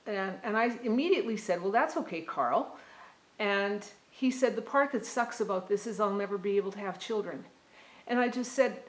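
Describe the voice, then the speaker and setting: A middle-aged woman speaks to students about her family, earnest and a little halting, often pausing on ums and starting phrases over. Her voice sits at an ordinary pitch for a woman. The sound carries a noticeable room echo. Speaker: parent giving a talk to university students. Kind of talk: personal storytelling talk.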